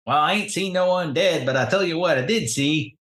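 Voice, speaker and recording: A man's voice: fairly high pitch, a little fast, a bit bright, pitched above the performer's own voice, lightly acted. A man voicing a grizzled, cryptic old backwoods man who talks in a rural drawl. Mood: wary. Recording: roomy echo.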